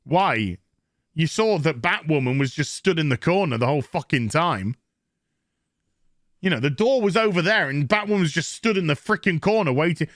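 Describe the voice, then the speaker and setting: A man's voice: high-pitched, expressive, moderate pace, a bit bright, dry recording, studio quality. Sarcastic, swearing Yorkshire man ranting. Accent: Yorkshire English. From England. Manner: sarcastic, profane, mocking impressions. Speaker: TV show reviewer. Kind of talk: ranting review commentary.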